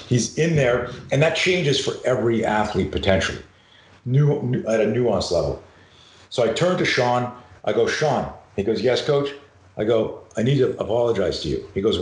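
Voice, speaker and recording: A middle-aged man, a self-defense coach, telling a story on a podcast and acting out the dialogue, swearing freely. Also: fairly low pitch. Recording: roomy echo.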